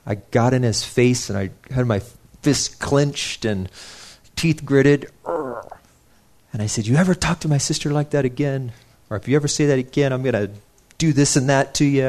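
A man's voice: on the low side, creaky, darkish tone. A young man preaching a sermon in an earnest, conversational way, stopping to restart his sentences and telling stories from his own life.

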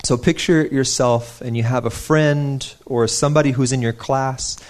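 A man's voice: mid-range voice, fairly even intonation, normal speed. A young man preaching a sermon in an earnest, conversational way, stopping to restart his sentences and telling stories from his own life.

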